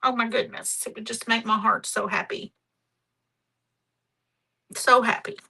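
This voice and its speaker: A woman's voice: on the high side, fairly even intonation, unhurried, creaky, bright, forceful tone, breathy edge, low-quality recording. A middle-aged woman hosting a live craft demonstration, chatty, homey and affectionate. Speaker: craft show host.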